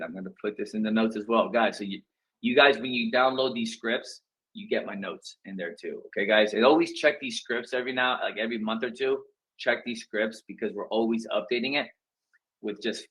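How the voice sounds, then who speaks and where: A man coaching real estate agents in a casual, slangy way, acting out phone script lines with big swings in his voice. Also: rough recording. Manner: energetic, slangy, acts out script lines with big pitch jumps.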